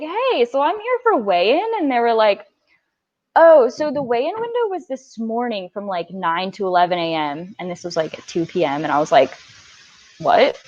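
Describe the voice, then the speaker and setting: Lively young woman coxswain telling stories. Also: medium pitch. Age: 20s. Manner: animated storytelling, acting out quotes. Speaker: coxswain guest. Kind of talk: casual podcast chat. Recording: dull lo-fi audio.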